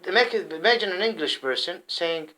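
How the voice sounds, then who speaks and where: A man from the Arab world, based in England, delivering a rambling, impassioned monologue to camera. He often repeats himself and swings between loud outbursts and muttering. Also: high voice, animated, brisk, rough recording. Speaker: vlogger. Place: at home in England.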